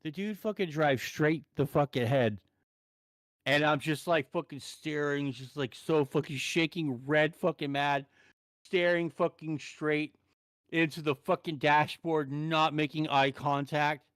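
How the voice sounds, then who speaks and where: A man calling in to tell a profane, heated story in an animated way. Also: on the high side, unhurried, no room sound, rough recording. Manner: animated, swears constantly, heated. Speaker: caller telling a story.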